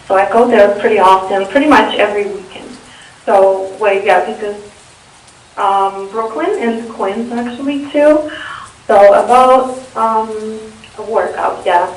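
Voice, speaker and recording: A young woman with a Russian accent talks through interview answers in an unhurried, hesitant way, full of fillers and false starts. Her voice sits at an ordinary pitch and comes from some distance off the mic in an echoey room. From Eastern Europe. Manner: hesitant, lots of fillers and restarts. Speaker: interview guest.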